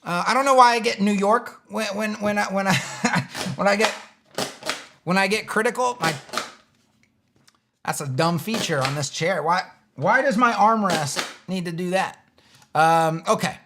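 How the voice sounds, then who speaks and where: Seated in a chair in his home studio, a man hosts a live web design stream, answering chat questions in a rambling, exasperated, joking way full of restarts and wry jabs. His voice sits high, his pace is measured, and there is background noise.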